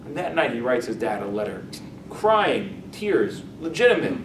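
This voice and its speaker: Casting note: rabbi telling a story in a lecture room, loose and animated, recorded from across an echoey space with background noise. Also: male voice, medium pitch, moderate pace. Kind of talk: storytelling lesson. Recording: echoey room, distant mic, noisy.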